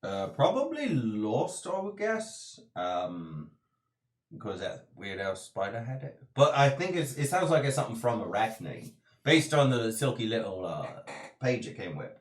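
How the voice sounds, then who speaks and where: A man chatting as a player in a tabletop game, animated and chatty. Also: medium pitch, unhurried. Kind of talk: casual tabletop play. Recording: echoey room.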